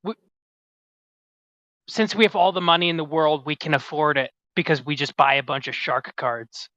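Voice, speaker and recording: Young male co-host with a sharp, bright voice, deadpan quips, recorded dry on a dull lo-fi mic. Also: fairly high pitch, moderate pace, no echo. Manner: dry, offhand jokes and quiet "mm-hmm" agreement. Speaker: podcast co-host. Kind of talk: casual chat.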